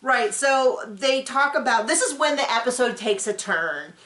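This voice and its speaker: A woman hosting a casual reaction show. She talks in an animated, sarcastic way and often mimics people. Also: fairly high pitch, moderate pace. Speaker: podcast host recapping a reality show. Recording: roomy home room.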